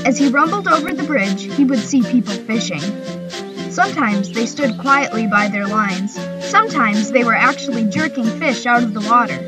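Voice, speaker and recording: A woman narrating a children's railway story in a gentle, measured reading voice. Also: a little high, lively intonation, poor audio. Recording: music bed behind the voice. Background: background music.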